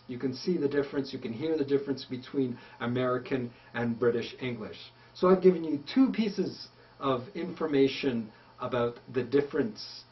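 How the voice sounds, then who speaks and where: A man's voice: medium pitch, a little hiss or hum. Canadian guy explaining english stuff, easygoing with lots of uhs, a bit far off the mic, dull lo-fi sound. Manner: friendly, relaxed, many ums and uhs, repeats words. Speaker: English teacher. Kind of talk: casual video lesson answering a question.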